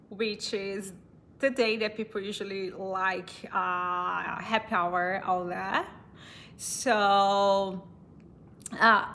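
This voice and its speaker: A woman's voice: medium pitch, sharp tone, a little hiss or hum. A woman from Brazil with a Brazilian accent, casually telling a personal story in English, chatty and laughing often between fillers and restarts.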